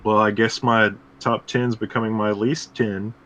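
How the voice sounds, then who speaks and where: Male co-host, deep-ish, dry joker, slight background hiss. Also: level tone, a little slow, a bit bright, rough recording. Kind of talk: casual podcast chat.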